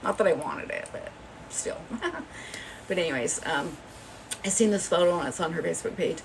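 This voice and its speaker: A woman's voice: on the low side, moderate pace, vocal fry, far from the mic, noisy background. A woman hosting a livestream, telling a rambling, gossipy story in a chatty way. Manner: rambling, chatty, often laughing. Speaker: livestream host. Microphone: phone.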